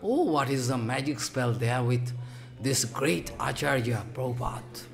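A man giving a devotional sermon as a spiritual teacher, in halting, repetitive phrases with emphatic rises and sudden soft drops. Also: medium pitch, gravelly.

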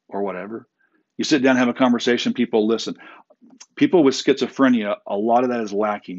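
A man's voice: fairly low pitch, a little mellow, dull audio. A man giving a classroom lecture in a conversational way, with fillers and restarts, sometimes acting out short quoted exchanges. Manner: acts out quick quoted exchanges. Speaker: instructor.

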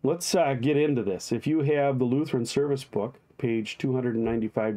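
Pastor guy, warm mellow voice, chatty, greets folks by name, reads the prayers. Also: medium pitch, a little fast, few pauses. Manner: chatty, greets viewers by name, then reads liturgy aloud. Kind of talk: live-streamed daily devotion.

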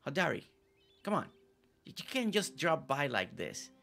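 A man's voice: fairly high pitch, huge pitch swings, moderate pace, creaky, long pauses, bright, forceful tone. A man streaming a game, chatting playfully with his viewers and joking around. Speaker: gaming streamer. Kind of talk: casual gameplay commentary. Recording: faint game music behind.

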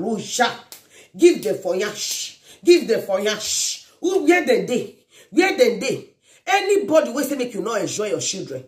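A woman with a Nigerian accent giving a birthday shout-out in a sing-song, chanting way, mixing Pidgin and Igbo phrases with blessings and prayers. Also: fairly high pitch, big pitch swings, unhurried, reverberant. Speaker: vlogger.

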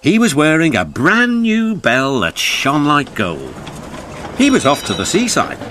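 A man with a British accent, gently and expressively narrating a children's cartoon. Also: fairly high pitch, a little slow, background noise. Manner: gentle and expressive, voicing every character himself. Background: background music.

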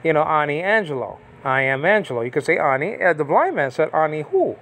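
Guy with a higher voice walking thru hebrew letters, keeps asking "okay?", casual bible lesson. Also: sing-song, a bit bright, slight background noise. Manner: conversational, checks in with frequent "okay?" and "you understand?"; pauses and restarts while reading text aloud from a screen. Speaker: Bible teacher.

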